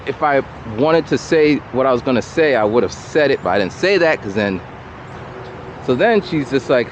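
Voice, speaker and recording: Animated man rambling outdoors, lo-fi audio. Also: mid-range voice, a little hiss or hum. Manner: animated, rambling, repeats himself. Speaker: vlogger. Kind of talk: casual storytelling while walking. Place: outdoors by a road with traffic. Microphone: camera or phone mic, no separate mic. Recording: dull lo-fi camera audio.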